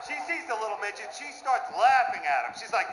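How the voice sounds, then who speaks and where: Brash high-pitched stand-up comedian man. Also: sing-song, quick pace. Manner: brash, crude, rowdy punchline delivery. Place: small comedy club with live audience. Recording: noisy live club recording. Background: audience laughter and loud room noise.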